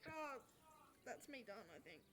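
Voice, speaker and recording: A woman's voice: high-pitched, sing-song, measured pace, a bit bright. A woman with an Australian accent, a player at a tabletop game, talking casually and hesitantly with many fillers.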